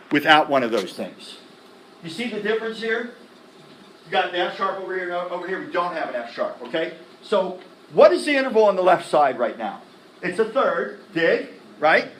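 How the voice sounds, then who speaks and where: High-voiced man quizzing a class. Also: slight background noise. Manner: animated, quizzing the class with quick questions and slang like "dig?". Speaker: music theory teacher. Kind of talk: classroom lecture. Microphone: laptop recording the lecture. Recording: echoey classroom from a distance.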